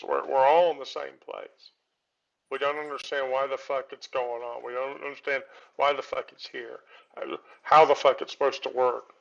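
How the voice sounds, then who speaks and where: A man's voice: mid-range voice, fairly even intonation, normal speed, gravelly, sharp tone. A man hosting a live stream, talking in a consoling, rambling way with many filler sounds, heard on muffled lo-fi stream audio. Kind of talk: casual live stream talk.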